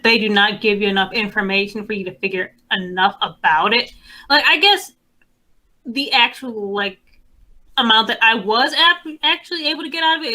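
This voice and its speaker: A woman's voice: medium pitch, pushed and bright, rough recording. A young woman co-hosting a casual movie review chat, blunt and exasperated, swearing as she complains. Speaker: podcast co-host.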